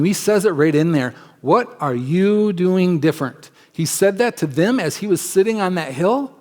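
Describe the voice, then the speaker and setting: A male pastor with a somewhat high voice delivers a sermon in a church. He talks in a conversational, emphatic way and slips into quick acted-out asides. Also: darkish tone. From United States. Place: church sanctuary.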